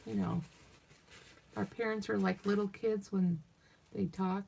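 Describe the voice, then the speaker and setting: A woman's voice: mid-range voice, steady tone, a little slow, gravelly, a little mellow, slight background noise. A middle-aged woman from the Southern United States, chatting and rambling to viewers while she works on a craft project. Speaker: craft vlogger. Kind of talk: casual chat while crafting.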